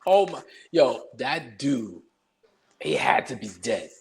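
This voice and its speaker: Animated, lively-voiced male podcast co-host. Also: medium pitch, takes it slowly, slightly rough. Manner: animated, laughs often. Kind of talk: casual sports chat.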